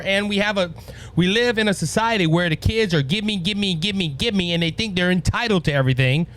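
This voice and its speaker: Cajun guy ranting politics, high-pitched, keeps restarting his sentences. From Louisiana. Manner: impassioned, repetitive, stammering restarts. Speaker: podcast host. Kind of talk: conservative political commentary.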